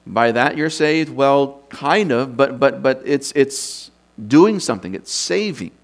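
In an unscripted sermon, a man teaching doctrine works through scripture aloud, asking his audience rhetorical questions. He speaks unhurriedly in a medium pitch with lively intonation.

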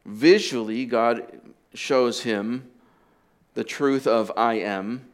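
A pastor preaching a sermon, explaining deliberately and dropping in casual asides to the congregation. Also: male voice, mid-range voice. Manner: deliberate teaching with conversational asides.

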